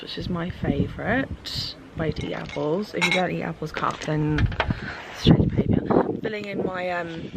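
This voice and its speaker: A woman's voice: lowish voice, heavy background noise. A woman in her twenties chatting and teasing through a casual holiday vlog. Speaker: vlogger. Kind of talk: casual travel vlog chat. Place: hotel terrace and restaurant on holiday. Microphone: handheld compact camera mic.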